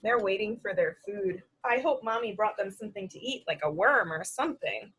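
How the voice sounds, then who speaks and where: A woman speech therapist reading a picture book aloud to preschoolers, animated and sing-song, making animal sounds. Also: medium pitch, a little fast, slightly rough, poor audio. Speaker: speech-language pathologist. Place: at home.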